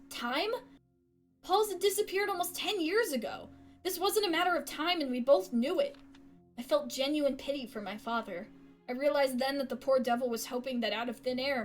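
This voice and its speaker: High-voiced woman reading a story game. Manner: expressive, gasping reactions. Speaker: gaming streamer.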